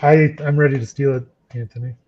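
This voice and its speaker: A man's voice: mid-range voice, steady tone. Quiz guy talking thru his guesses, kinda muffled audio. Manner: thinks aloud, quick to jump in. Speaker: quiz contestant. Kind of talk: casual chat.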